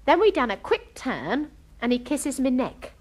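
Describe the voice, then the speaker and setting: A woman's voice: high-pitched, a little slow, heavily acted. An actress playing a chatty, starry-eyed young working-class girl in a comic monologue, gossiping with homely, ungrammatical speech. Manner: lively, breathless gossiping storyteller.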